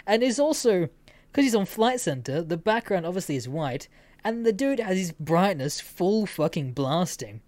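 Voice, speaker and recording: A woman's voice: medium pitch, animated, a little slow, a little mellow, no room sound. A woman hosting a casual storytelling podcast, swearing freely and laughing as she talks. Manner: swears freely, laughs while telling stories. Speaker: podcast host.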